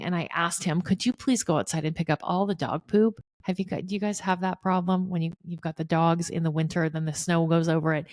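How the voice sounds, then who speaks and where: A middle-aged woman hosting a solo podcast, talking earnestly and speaking straight to her listeners. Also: lowish voice. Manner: earnest, addresses listeners directly. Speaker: podcast host.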